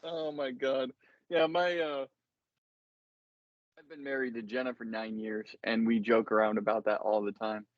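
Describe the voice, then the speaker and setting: A man in his thirties hosting a casual chat on a video call, relaxed and agreeable, swearing casually. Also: mid-range voice, normal speed, long pauses, no room sound. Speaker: podcast host. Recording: dull dry video call audio.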